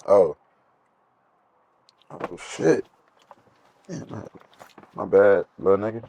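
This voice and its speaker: A man's voice: fairly low pitch, lively intonation, takes it slowly, gravelly, pauses often, mellow. A young man and rapper vlogging from inside a car, talking in a laid-back, rambling, profane way and half-singing some phrases. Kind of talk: casual vlog monologue. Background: hip hop music.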